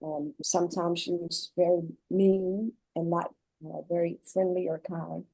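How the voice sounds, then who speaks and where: A woman guest on a panel, explaining her caregiving experience in earnest, measured phrases. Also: fairly low pitch, little pitch movement, gravelly, dark tone, no room sound, rough recording. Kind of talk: panel discussion.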